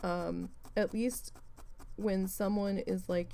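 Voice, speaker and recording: A woman vlogger chatting casually while needle felting, animated and swearing freely as she tells a story. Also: medium pitch, a little slow, gravelly, long pauses, a little hiss or hum, rough recording. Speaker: craft vlogger.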